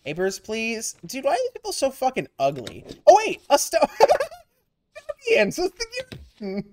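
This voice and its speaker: A young man hosting a gaming channel, chatting and swearing freely through a casual let's-play with sudden excited yelps. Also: extremely high pitch, a little slow.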